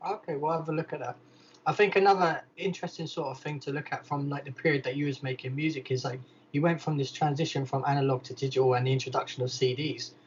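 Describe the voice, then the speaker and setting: A man's voice: a little high, steady tone, fast, dull audio, a little hiss or hum. A man hosting a podcast, asking casual interview questions in a hesitant way, hedging with "sort of" and "like.". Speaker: podcast host.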